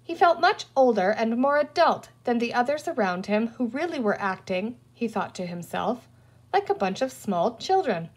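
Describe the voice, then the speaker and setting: Expressive woman reading a children's book. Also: on the high side, normal speed, breathy edge. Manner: expressive storytelling. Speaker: audiobook reader. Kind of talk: children's book read aloud.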